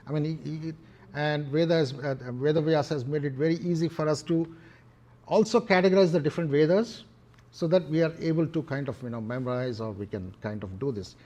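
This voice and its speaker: A middle-aged man with an Indian English accent giving a devotional discourse, talking in a halting way with many fillers and restarts. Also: a little high, a little mellow. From Hyderabad, India. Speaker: temple speaker.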